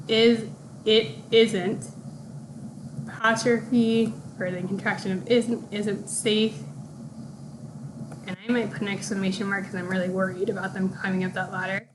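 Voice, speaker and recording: A woman teacher talks young children through their worksheet answers at an unhurried pace. She is deliberate and careful, spelling out each punctuation mark as she goes. Steady background noise runs clearly under the home-made recording. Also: mid-range voice. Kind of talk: recorded classroom lesson walkthrough.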